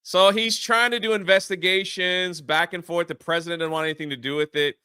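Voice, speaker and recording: A man's voice: sits high, fairly even intonation, a little fast, sharp tone, clean tone, dry recording, studio quality. A man hosting a podcast, giving a casual, rambling spoiler recap of a movie with lots of fillers. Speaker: podcast host.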